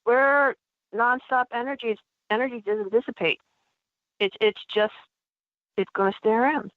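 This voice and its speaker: A woman calling in as a paranormal investigator guest on a radio show, talking chattily with many halting restarts. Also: a little high, dry recording. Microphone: telephone. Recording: tinny phone line.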